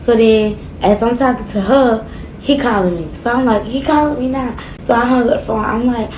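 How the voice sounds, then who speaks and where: A woman's voice: fairly high pitch, moderate pace, background noise. A woman, telling a dramatic personal story in a casual, slangy way and acting out what others said. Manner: animated, acts out quotes, slangy.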